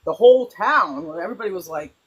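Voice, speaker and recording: A woman hosting a spiritual conversation who tells stories in an animated way, with frequent restarts. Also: on the low side, fast talker, breathy edge, muffled recording. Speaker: host.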